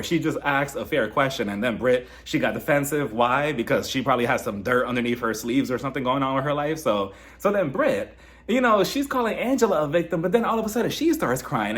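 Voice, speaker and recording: A young man giving a casual recap of a reality show, animated and mocking, often acting out the cast members' lines. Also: medium pitch, brisk.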